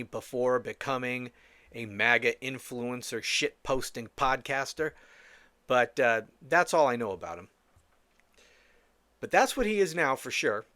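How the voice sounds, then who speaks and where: A man's voice: medium pitch, bright, forceful tone, no echo. A man hosting a solo political commentary podcast, blunt, scornful and profane, rambling with frequent restarts. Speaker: podcast host.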